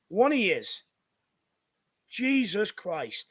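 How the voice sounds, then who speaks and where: A man's voice: sits high, expressive, normal speed, a bit bright. An Irish man hosting a live football watchalong, ranting furiously and swearing at his team's defending. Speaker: fan channel host. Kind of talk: live match watchalong commentary.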